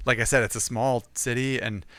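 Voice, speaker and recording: A man co-hosting a casual podcast, relaxed and laughing easily while explaining things. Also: mid-range voice, a little fast, no echo. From California. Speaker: podcast co-host.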